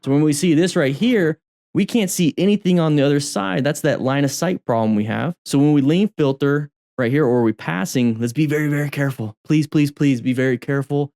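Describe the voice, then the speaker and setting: A man's voice: on the high side, fairly quick, a little mellow. A man who teaches motorcycle riding, commenting over road videos in a chatty way and repeating phrases for emphasis.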